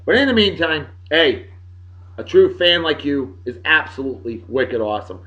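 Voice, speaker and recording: A man hosting a casual video blog, giving jokey shout-outs to friends in a boisterous way that swings between loud and soft. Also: on the high side, big pitch swings, normal speed. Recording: dull lo-fi sound.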